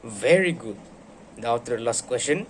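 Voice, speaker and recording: A man's voice: medium pitch, slight background noise. A man acting as a teacher, asking questions, praising answers and reading a story aloud in an encouraging way. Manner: slow, encouraging, animated reading. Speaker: teacher in a classroom role-play.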